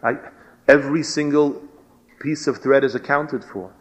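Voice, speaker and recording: A man's voice: medium pitch, normal speed, pitched below the performer's own voice, natural voice. A man voicing a humble male tailor who earnestly pleads his innocence in a sermon parable. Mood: pleading. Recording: dull lo-fi recording.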